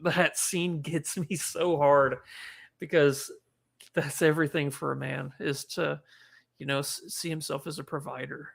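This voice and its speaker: A chatty podcast co-host with a somewhat higher man's voice and a gravelly, fry-laden texture. He rambles through his thoughts with frequent restarts and quick laughs. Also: flat delivery. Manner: chatty, rambling, laughs often, gets emotional. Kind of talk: casual movie review chat.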